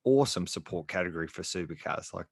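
A man's voice: deep voice, lively intonation, quick pace, gravelly, husky. A man co-hosting a casual motorsport podcast, chatty with lots of fillers and restarts. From Australia. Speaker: podcast co-host.

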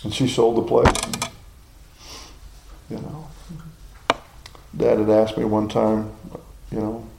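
A man's voice: lowish voice, monotone, slow pace, vocal fry, pauses often, echoey room, background noise. A man in his sixties preaching a sermon in a folksy, personal storytelling way. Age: 60s.

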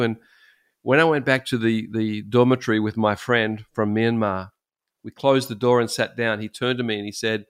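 A middle-aged man, a pastor, telling stories in casual chat, animated and laughing often. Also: mid-range voice, brisk, clean tone.

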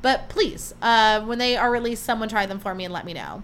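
A young woman hosting her own podcast, chatting in a loose, rambling way. Her voice sits a little on the high side, and she fills it with likes and you-knows and starts sentences over. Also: a little fast, a little hiss or hum. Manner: chatty, animated, lots of fillers. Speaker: podcast host. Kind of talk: casual chat.

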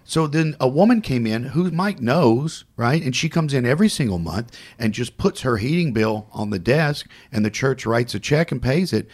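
A man's voice: medium pitch, normal speed, few pauses. Male podcast co-host, casual storyteller, jumps into other people's voices. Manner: animated, acts out voices in his stories.

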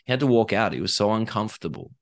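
Low-voiced man telling lively stories. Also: very fast. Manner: animated storyteller, acts out other voices, laughs easily. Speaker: author and coach, guest. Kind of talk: candid conversational interview.

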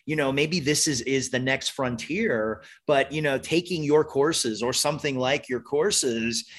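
A man's voice: medium pitch, a little slow, fairly bright tone. A man hosting a casual conversation, asking long rambling questions in a laid-back way. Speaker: podcast host.

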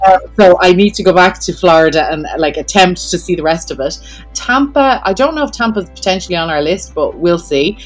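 A woman's voice: fairly low pitch, expressive, fairly quick, faint music behind, rough recording. A woman hosting a podcast interview, chatting casually and laughing readily. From Ireland. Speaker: podcast host.

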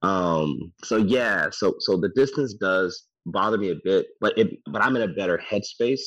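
A man's voice: low voice, moderate pace, dry recording. A man speaking candidly and reflectively in a casual conversation, often restarting his sentences. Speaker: divorced father in a group conversation. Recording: dull lo-fi dry sound.

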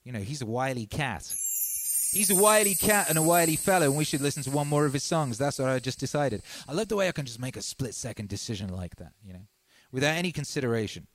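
A man hosting a music livestream, reading out viewers' comments with playful deadpan asides. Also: medium pitch, quick pace. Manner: playful, deadpan asides, frequent ums and uhs.

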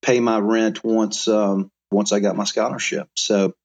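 A middle-aged man from Alabama, telling life stories as an interview guest in an animated way with frequent restarts. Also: lowish voice, measured pace. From Mobile, Alabama. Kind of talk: storytelling interview.

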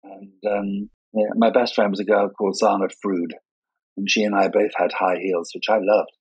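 A man's voice: fairly low pitch, level tone, normal speed, husky, dry recording, low-quality recording. Chatty older man telling stories, dry sound. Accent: none, sounds English despite Scottish upbringing. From Scotland. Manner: chatty, self-mocking storyteller, playful asides. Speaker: guest, party and wedding designer. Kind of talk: anecdotal conversation.

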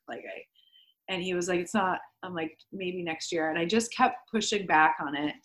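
A woman's voice: lowish voice, normal speed, fairly bright tone. A young woman, a podcast guest, candidly telling her story in casual speech full of "like" fillers and the odd swear word. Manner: chatty, swears freely, many "like" fillers.

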